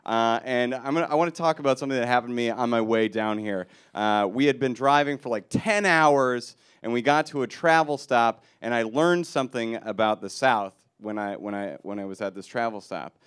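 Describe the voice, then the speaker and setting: Self-mocking stand-up comic. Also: male voice, medium pitch, normal speed, hardly any pauses, clear, resonant tone. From Milwaukee. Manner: deadpan, self-mocking, with loud punchlines. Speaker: stand-up comedian. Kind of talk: stand-up comedy set. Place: comedy club stage with audience.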